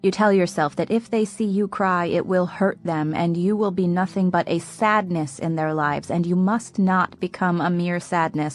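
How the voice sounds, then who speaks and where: A woman reads a first-person audiobook in a measured, reflective way. Her voice sits on the lower side and stays soft-spoken. Faint guitar music plays under the narration.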